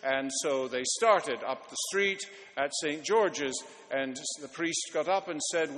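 A man's voice: on the high side, takes it slowly, few pauses, fairly bright tone. Man preaching in a reverberant church. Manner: wry anecdotal storytelling. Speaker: pastor. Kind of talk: sermon. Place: large church sanctuary.

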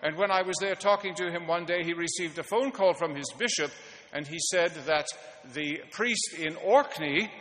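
A male pastor with a slightly high voice preaches a sermon, spinning wry anecdotes in an easy storytelling way. His words ring out with a long reverb across a large church sanctuary. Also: moderate pace, fairly bright tone.

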